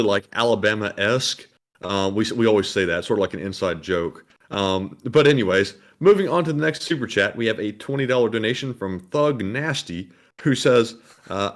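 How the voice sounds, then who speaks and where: A man co-hosts a casual livestream and reads out viewer donations. His delivery is steady, like an announcer moving down a list. He adds a few plain remarks of his own between messages. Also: fairly low pitch. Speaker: livestream co-host reading super chats.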